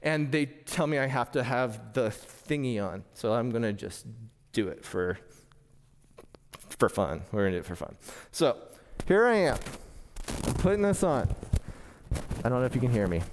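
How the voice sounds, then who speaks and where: A man's voice: medium pitch, sing-song, normal speed, a little mellow, slight background noise. A man preaching a sermon, telling a funny personal story with a self-deprecating manner and stammering restarts. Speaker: pastor. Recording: long hall reverb.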